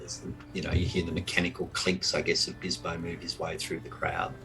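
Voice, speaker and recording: A man narrating as game master of an online tabletop game, halting and full of restarts and fillers. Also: low-pitched, flat delivery, creaky, music in the background, rough recording. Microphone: online call mic.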